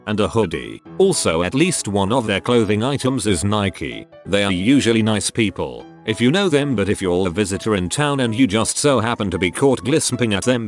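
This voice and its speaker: A man narrating a list of online posts in a brisk, matter-of-fact read with dry, sardonic asides. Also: lowish voice. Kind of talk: scripted narration.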